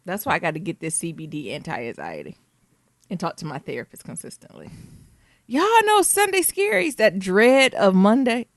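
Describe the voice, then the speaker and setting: A young woman, co-hosting a casual podcast chat, animated and exclamatory, swearing freely. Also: mid-range voice, moderate pace, no room sound, studio quality. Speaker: podcast co-host.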